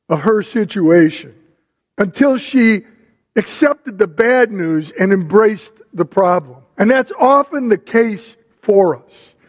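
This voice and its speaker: A middle-aged man giving a sermon with a measured storytelling manner, pausing between phrases. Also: sits high. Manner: measured, storytelling preacher with pauses. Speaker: pastor. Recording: long reverb of a hall.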